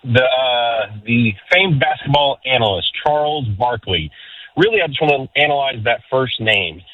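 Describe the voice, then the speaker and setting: A man calling in to a sports radio show, friendly and a bit halting as he talks. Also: mid-range voice, animated, dry recording. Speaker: caller. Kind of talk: casual call-in chat. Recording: tinny phone line.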